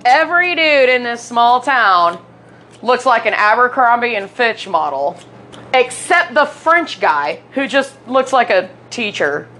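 A woman's voice: a little high, measured pace, slight background noise. A woman co-hosting a podcast, chatting casually and jokingly about a movie and laughing often. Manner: laughs often, jokey and animated. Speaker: podcast co-host. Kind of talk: casual chat reviewing a movie.

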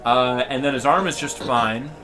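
A man's voice: medium pitch, moderate pace. A man telling a rambling, comedic story on a podcast, full of fillers and restarts. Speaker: podcast co-host.

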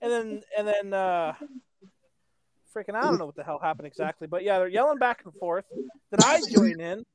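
A man's voice: high voice, animated, a little fast, no room sound. A man co-hosting a podcast in casual chat, telling a rambling story, swearing and laughing often. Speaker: podcast co-host.

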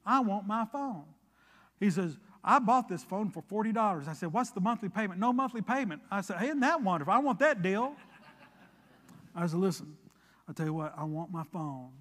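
High-voiced preacher in a reverberant church. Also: male voice, normal speed. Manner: preaching with rising emphasis, then relaxed storytelling with quoted dialogue. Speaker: pastor. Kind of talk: sermon with a personal story.

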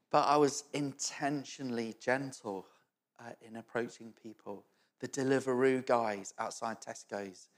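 A man's voice: mid-range voice, echoey room. A middle-aged man preaching a storytelling sermon, chatty and self-mocking and often laughing. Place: church hall.

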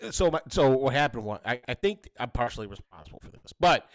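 Animated man telling a family story. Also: quick pace, no echo. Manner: animated, jumps to high voices when quoting his kids. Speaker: podcast co-host. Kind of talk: casual storytelling chat.

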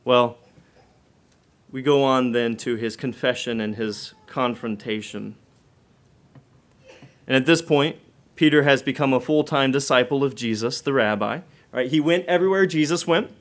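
A man preaching a sermon, asking the listeners direct questions, his delivery swelling loud and then dropping low and soft. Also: normal speed.

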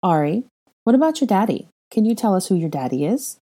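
A woman reading a brisk young witch who talks in a firm, coaxing way. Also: mid-range voice, big pitch swings, dark tone, voice pushed up.

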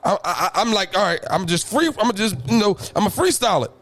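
Animated high-voiced man telling stories. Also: quick pace. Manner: animated, swings between loud high bursts and low mutters; laughs often while telling stories. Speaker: podcast co-host. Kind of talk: casual storytelling chat.

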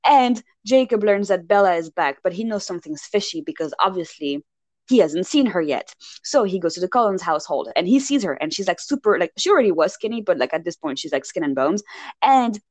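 A woman retelling a movie plot in a casual chat, swinging her voice up and down as she mocks the characters. She sounds exasperated and lively. The recording is close and dry. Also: mid-range voice, a little fast, dry recording. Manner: animated, exasperated storytelling with mocking voices. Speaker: podcast co-host recapping a film.

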